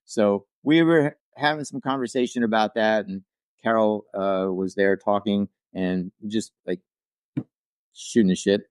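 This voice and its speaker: A man's voice: on the low side, fairly even intonation, a little slow, a little mellow, smooth, no room sound. An older man, a podcast guest and actor-writer, telling a rambling anecdote casually, with asides and restarts. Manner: acts out quoted people in livelier voices.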